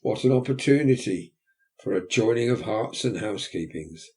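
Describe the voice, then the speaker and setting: A man's voice: lowish voice, animated, normal speed, a little mellow, natural voice. A man voicing a pompous middle-aged parish beadle who woos in an unctuous, courting manner. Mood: wooing.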